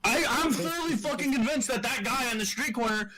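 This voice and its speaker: A man's voice: very high-pitched, lively intonation, brisk, crowd noise. A young adult man in casual podcast chat, making blunt, crude jokes.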